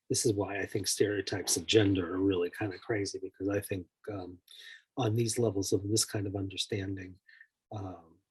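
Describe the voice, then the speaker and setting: A man's voice: lowish voice, slightly rough, poor audio. A male therapist explaining personality types through examples in a loose, conversational way, full of "like" and "you know", now and then acting out the people he describes. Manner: acts out the people in his examples.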